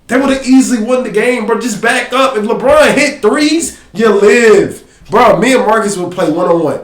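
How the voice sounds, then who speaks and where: A man with a high voice talks through game film on a casual podcast, slangy and animated. He keeps telling someone to pause and play. His voice rings in a roomy, echoey space. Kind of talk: casual sports film breakdown.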